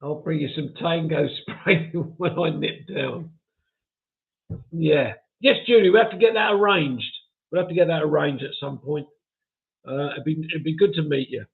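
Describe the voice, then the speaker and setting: Reading his viewers' comments out loud, a live-stream host chats along, pokes fun at himself, and laughs frequently. He speaks at a moderate pace in a gravelly voice that leans high, over thin, phone-like sound.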